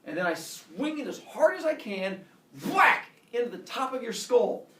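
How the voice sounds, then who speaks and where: A man's voice: very high voice, very animated, normal speed, bright, forceful tone, pitched above the performer's own voice, exaggerated voice. A man voicing a cheerful, overeager male smith god who explains things in a chipper, matter-of-fact way. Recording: echoey classroom from a distance.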